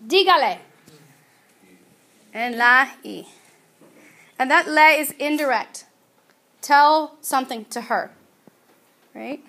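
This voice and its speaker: A woman teaching a Spanish grammar lesson in a chatty, patient way. She draws out her example words slowly. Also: high-pitched, sharp tone. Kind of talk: recorded classroom grammar lesson.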